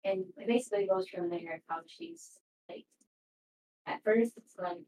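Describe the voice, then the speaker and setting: A woman chatting casually before a live stream, retelling a show in a rambling, animated way with lots of fillers. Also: medium pitch, unhurried. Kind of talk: casual chat. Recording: roomy, distant mic with background noise.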